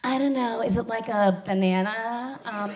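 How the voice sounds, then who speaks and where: A woman's voice: fairly high pitch, normal speed, a little mellow, natural voice. A woman putting on a giggly, unsure drunk young woman in a comedy bit.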